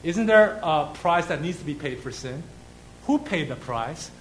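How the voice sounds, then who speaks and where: A man preaching a sermon, asking rhetorical questions, reading scripture aloud and pausing for effect. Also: on the high side, expressive, rough recording.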